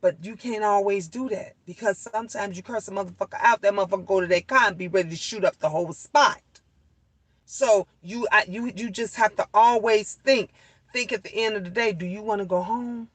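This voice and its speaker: A middle-aged woman tells viewers a story in a casual, animated way. She curses freely and repeats lines for emphasis. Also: medium pitch, a little fast, no room sound, poor audio. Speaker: vlogger.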